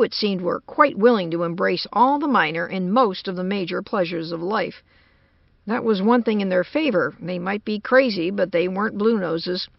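A woman narrating a short story as an audiobook in a measured, even manner. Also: medium pitch, no echo. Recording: dull lo-fi dry recording.

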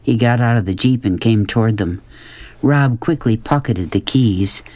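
A man reading a novel aloud as audiobook narration, in a calm, measured storytelling manner. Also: medium pitch, dry recording. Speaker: audiobook reader.

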